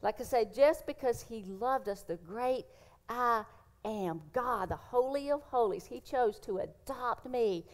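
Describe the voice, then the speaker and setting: A woman's voice: on the high side, a little slow. Earnest woman preaching. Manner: earnest, emotional, repeats phrases for emphasis. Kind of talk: sermon. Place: church.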